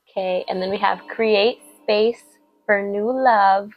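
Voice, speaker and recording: A woman's voice: mid-range voice, steady tone, takes it slowly, no echo, low-quality recording. A woman giving a casual, rambling tarot love reading, full of filler words and affirmations. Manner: chatty, rambling, many "like" fillers, warm affirming tone. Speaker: tarot reader.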